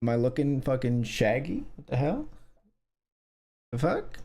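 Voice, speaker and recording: A man streaming his online poker session, narrating the hands as they come. He talks loosely and wryly, thinking out loud and throwing in curses. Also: mid-range voice, very animated, a little slow. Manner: profane, wry, thinking aloud. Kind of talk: casual live-stream commentary.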